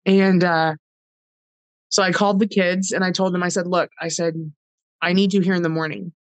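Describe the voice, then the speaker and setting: A woman's voice: on the low side, fairly even intonation, normal speed, no echo, rough recording. A middle-aged woman, a podcast guest, telling a personal story with heartfelt earnestness, acting out past conversations in quoted dialogue.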